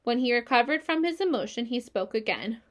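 A woman reading a children's novel aloud. She tells it in a measured, gentle way. Her voice sits a little high. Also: lively intonation. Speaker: reader.

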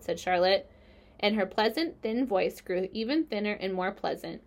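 A woman narrating a children's book aloud in a gentle, steady storytelling manner. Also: medium pitch, normal speed.

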